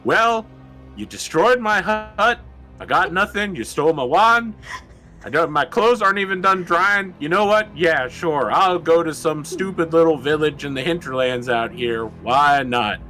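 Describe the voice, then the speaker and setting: A man's voice: on the high side, lively intonation, measured pace, sharp tone, faint music behind, pitched above the performer's own voice. A man voicing a cranky, panicking old man who rants in a whiny, exasperated way. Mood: grumbling.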